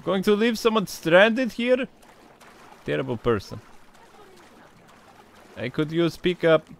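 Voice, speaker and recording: A man's voice: sits high, sing-song, slow, vocal fry, voice pushed up, exaggerated voice. A gaming streamer putting on an exaggerated Russian accent for a goofy male tough guy, talking in broken grammar. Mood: yelling playful. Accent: Russian, put on and exaggerated. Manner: broken grammar, loud playful yelling.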